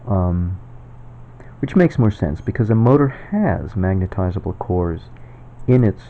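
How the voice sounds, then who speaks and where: A man's voice: deep voice, expressive, measured pace, a little hiss or hum. A man at home talking in a casual, rambling monologue for his own video, chuckling often. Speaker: video maker. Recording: dull lo-fi recording.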